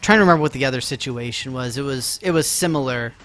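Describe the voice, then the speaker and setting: A man's voice: mid-range voice, fast talker, fairly bright tone, soft background music. A man chatting casually with his viewers during a live game stream, laughing often and teasing them with mock offense.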